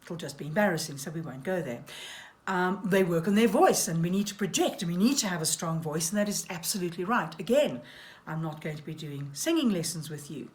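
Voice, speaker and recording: A woman's voice: lowish voice, lively intonation, fairly quick, a little mellow. A woman giving a voice and speech lesson for actors, demonstrating tongue exercises aloud with wry asides. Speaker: voice coach.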